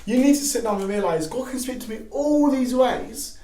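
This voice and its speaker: A young man giving casual faith advice to camera, animated, acting out excited quotes. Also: very high voice, moderate pace. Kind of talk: casual devotional talk to camera. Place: garage. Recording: echoey garage from a distance.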